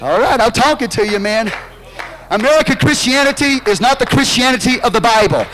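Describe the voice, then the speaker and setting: Male pastor, very high, bright and forceful voice, impassioned sermon delivery with shouts. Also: lively intonation, slight background noise, poor audio. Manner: impassioned preaching with drawn-out phrases and sudden shouts.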